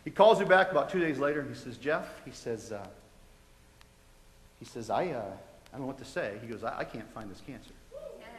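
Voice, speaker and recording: An American man giving a testimony to a live audience, telling his story in a lively, conversational way with quoted dialogue. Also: medium pitch, a little fast. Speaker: guest speaker giving testimony. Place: large college hall. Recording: echoey hall with long reverb.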